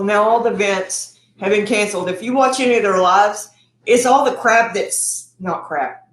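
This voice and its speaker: A middle-aged woman chatting loosely on her cooking livestream, rambling from one plug to the next and sometimes talking with her mouth full. Her voice sits at an ordinary middle pitch. The room around her rings with echo. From Texas. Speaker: cooking channel host. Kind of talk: casual livestream chat. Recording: echoey room.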